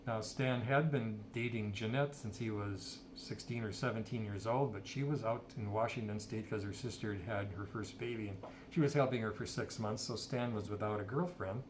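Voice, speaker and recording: A man's voice: on the low side, moderate pace, hardly any pauses, background noise. A middle-aged man casually telling a rambling personal story and quoting people's dialogue. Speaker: storyteller sharing personal history.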